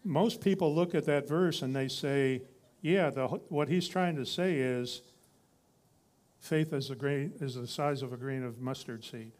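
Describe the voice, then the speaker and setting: A man's voice: medium pitch, a little slow, a little mellow. A man preaching a sermon in a conversational teaching style, reading scripture and building to emphatic repeated lines.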